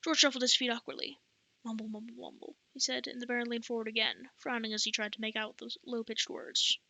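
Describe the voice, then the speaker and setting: Woman, amateur audiobook reader, bright tone, dry close sound, stumbles over words. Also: a little high, little pitch movement, fast talker, no echo, poor audio. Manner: stumbles and restarts on words, apologizes.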